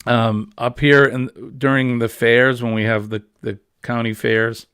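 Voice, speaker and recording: A man's voice: mid-range voice, little pitch movement, measured pace, fairly bright tone, clear, resonant tone, no echo, clean studio sound. A middle-aged man hosting a casual morning chat show, rambling and jokey. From New England. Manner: rambling, jokey, easily amused. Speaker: host.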